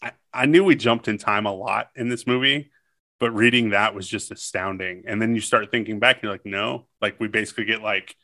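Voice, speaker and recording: A man's voice: fairly low pitch, steady tone, a little fast, sharp tone, no echo. A man co-hosting a movie podcast, laid-back casual chat with short remarks. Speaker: podcast co-host.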